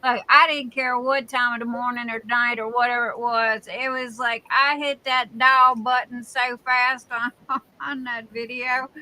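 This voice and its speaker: A woman's voice: on the high side, level tone, a little slow, sharp tone, poor audio. A woman with a Southern US accent hosting a casual live stream, chatty and greeting viewers by name with endearments like "darling.".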